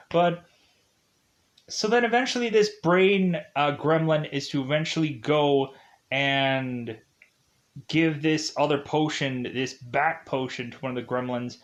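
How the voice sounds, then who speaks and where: A man's voice: on the high side, measured pace. A young man casually recapping a movie plot, with lots of "uh" and "like" fillers and frequent chuckles. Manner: filler-heavy, chuckling often. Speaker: movie reviewer. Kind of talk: casual rambling film recap.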